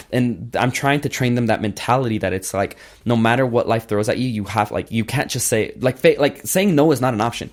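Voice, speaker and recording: A man's voice: mid-range voice, a little fast, few pauses. A man in his twenties, a guest entrepreneur in a casual podcast interview, talking emphatically and bluntly with plenty of swearing. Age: 20s.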